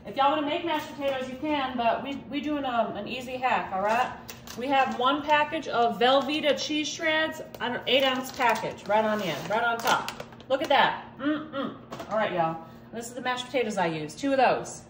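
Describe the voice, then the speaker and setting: A woman's voice: high voice, expressive, moderate pace, roomy sound. A woman, hosting a casual cooking vlog and chatting to viewers as y'all from her home kitchen. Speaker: cooking channel host.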